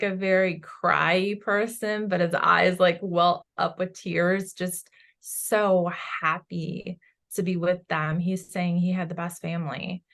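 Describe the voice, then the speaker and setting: A woman with a lowish, gravelly voice speaks as a psychic medium, describing her visions in a loose, rambling way packed with fillers. It sounds like a channeling session held as casual chat.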